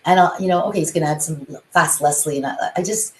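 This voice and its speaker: A woman musician chatting in an interview, often singing rhythms out loud. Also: sits low, fast talker, echoey room, low-quality recording. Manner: chatty, sings rhythms aloud. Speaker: guest, musician and composer. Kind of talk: casual interview chat.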